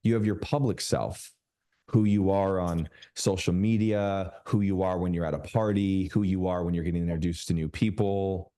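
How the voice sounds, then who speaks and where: Mellow, low-voiced male business coach. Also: fairly even intonation. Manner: emphatic, slows down to stress points. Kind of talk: coaching talk on a group video call. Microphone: video call.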